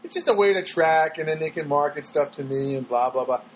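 A man's voice: a little high, lively intonation, brisk, low-quality recording. A man telling an everyday story as a sarcastic, exasperated rant, rambling with restarts. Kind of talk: storytelling monologue.

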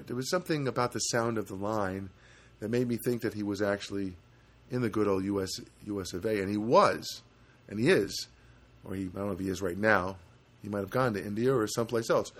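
A man's voice: medium pitch, fairly bright tone. A man delivering a sarcastic, rambling comedic rant with many restarts.

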